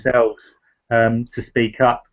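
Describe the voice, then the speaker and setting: Halting man on a lo-fi call. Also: mid-range voice, flat delivery. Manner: halting, many fillers and restarts. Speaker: host. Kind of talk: casual discussion. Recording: dull lo-fi sound.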